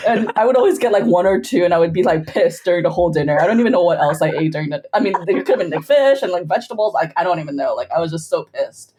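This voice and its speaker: Lively laughing woman telling stories. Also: on the low side, very fast, few pauses, slight background noise. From grew up between Bolivia and the US. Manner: animated storyteller, laughing often, with frequent "like" fillers. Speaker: podcast guest. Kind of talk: casual podcast chat.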